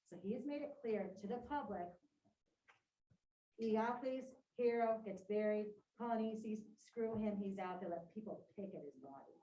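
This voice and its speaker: A woman teacher reads a play to her class, breaking off for casual, lively explanations. Her voice sits in a mid range, and the sound is roomy and taken from a distance across the classroom. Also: mid-range voice, normal speed. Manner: casual, animated asides to students. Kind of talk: reading a play aloud with commentary. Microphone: distant room mic.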